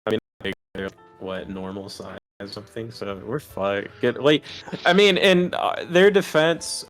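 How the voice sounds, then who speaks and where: A young man playing a tabletop game, rambling excitably and swearing in casual chat. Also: fairly low pitch, unhurried, soft background music. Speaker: player.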